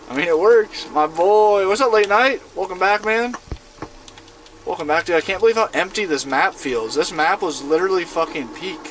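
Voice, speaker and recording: A man's voice: a little high, fairly bright tone, slight background noise. A young man in his twenties, streaming a game and chatting with his viewers in a laid-back, slangy way from inside a van. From United States. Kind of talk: casual live-stream gaming chat.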